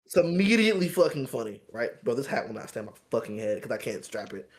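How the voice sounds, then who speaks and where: A man's voice: mid-range voice, fast. A man co-hosting a casual podcast, telling a work story with lots of swearing and acted-out customer voices. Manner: animated, acts out customers' voices, swears a lot. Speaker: podcast co-host.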